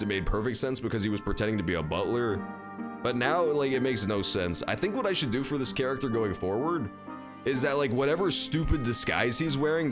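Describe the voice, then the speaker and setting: A man streaming a game, giving casual commentary in an animated, profane, joking way. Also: mid-range voice. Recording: game music behind the voice.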